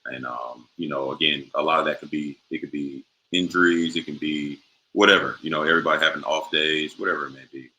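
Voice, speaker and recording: Very deep-voiced young man, bright tone. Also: fairly quick, a little hiss or hum, rough recording. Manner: laid-back, many "like" and "you know" fillers. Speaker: professional basketball player, guest. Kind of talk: casual interview answers.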